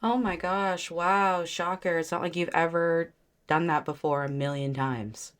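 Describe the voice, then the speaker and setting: A woman pausing a video to comment on it in a sarcastic, scornful way. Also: fairly low pitch, fairly even intonation, clean tone. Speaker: reaction streamer. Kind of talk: reaction commentary.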